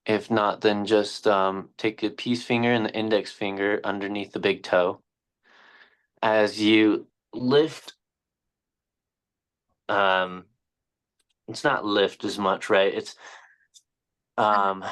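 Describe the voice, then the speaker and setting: A man's voice: lowish voice, fairly even intonation, slow pace, long pauses, a bit bright, clean tone. A male yoga teacher trainee cues poses hesitantly, with many fillers, and corrects himself as he goes. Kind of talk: cueing yoga poses, then casual chat.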